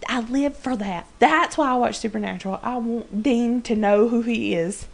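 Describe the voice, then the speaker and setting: A woman co-hosting a fan podcast, excitably recapping a TV episode, swearing freely and acting out characters' lines. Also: fairly high pitch, moderate pace, vocal fry. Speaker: podcast co-host.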